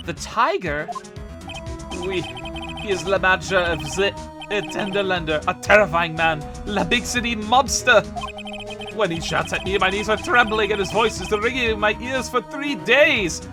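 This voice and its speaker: A man's voice: high voice, moderate pace, voice pushed up, lightly acted. A man voicing a flamboyant, fretful French chef in a put-on French accent, reading game dialogue with melodramatic complaint. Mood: frightened. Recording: music playing under the voice.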